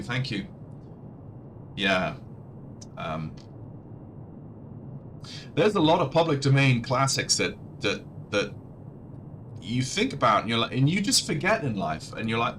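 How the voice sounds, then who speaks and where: A man's voice: mid-range voice, sing-song, unhurried, long pauses, pushed and bright, a little hiss or hum. A man casually commentating his flight-sim livestream, chatty and rambling, often restarting his sentences. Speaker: livestreamer and audiobook narrator.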